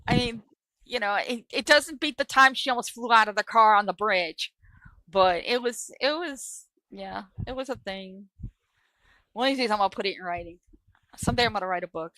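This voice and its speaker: A middle-aged woman from New York hosting a live stream, telling a story in a blunt, profane, animated way. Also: mid-range voice, normal speed, dry recording, low-quality recording. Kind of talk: casual storytelling.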